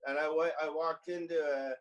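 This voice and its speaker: A man guesting on a comedy video call, dropping dry, quick one-liners. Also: fairly high pitch, fairly even intonation, dull audio.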